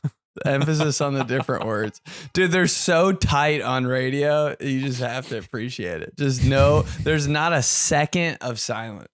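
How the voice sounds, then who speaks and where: A stand-up comedian co-hosting a podcast in an easy, laid-back manner. His mid-pitched voice is recorded close and dry. His asides often sink into a quieter mumble. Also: expressive, moderate pace, no room sound. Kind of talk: casual chat.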